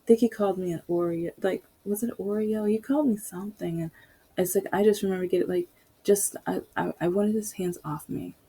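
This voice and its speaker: A woman's voice: medium pitch, steady tone, a little fast, dark tone, breathy edge. A woman podcaster telling a personal story in a candid, rambling way, full of asides.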